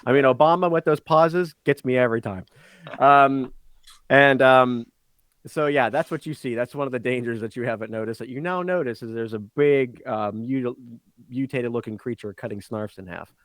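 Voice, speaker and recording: A man's voice: medium pitch, moderate pace, a bit bright, no echo. A man narrating a tabletop game as game master, rambling and giggly, full of ums and likes.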